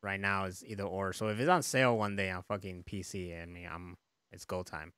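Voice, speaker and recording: A relaxed man talks through video games in a loose, rambling way, laughing and swearing casually. His voice sits a bit low. The sound is dry and close, with no room echo. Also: a little fast, smooth. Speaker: podcast co-host. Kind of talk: casual chat.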